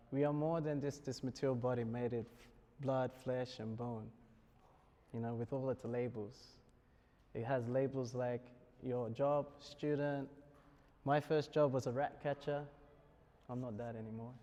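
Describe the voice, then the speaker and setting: A man's voice: medium pitch, dark tone. A man with an Australian accent giving a lecture to students, joking and chuckling often as he talks. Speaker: spiritual speaker. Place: university lecture hall. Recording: long hall reverb.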